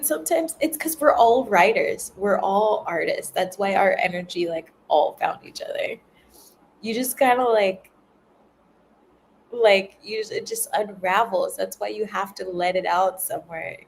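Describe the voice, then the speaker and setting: A woman's voice: medium pitch, gravelly, slight background noise, rough recording. A woman chatting casually and rambling on a livestream, laughing often as she tells stories. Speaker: spiritual content creator.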